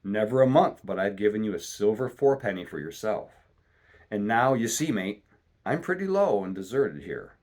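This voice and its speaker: A man voicing a sick, rum-craving old pirate captain who talks in gruff, salty seaman's slang, reading a storybook aloud. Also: lowish voice, sing-song, normal speed, a little mellow. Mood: pleading. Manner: gruff salty seaman's talk, pleading then cursing.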